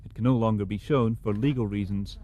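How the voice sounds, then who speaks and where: A man reading a news bulletin in a formal, measured way. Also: fairly low pitch, steady tone, mellow, slight background noise. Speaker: news presenter.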